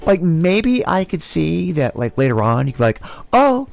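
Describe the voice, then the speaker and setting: A man hosting a podcast, recapping news in a casual, animated way with plenty of swearing. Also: a little high, normal speed, creaky, soft background music. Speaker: podcast host. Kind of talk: casual chat.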